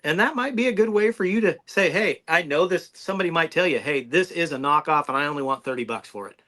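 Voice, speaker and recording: Bright, lively man talking knives. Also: on the high side, fast. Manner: rambling, restarts mid-sentence. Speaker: knife reviewer guest. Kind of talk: casual podcast chat.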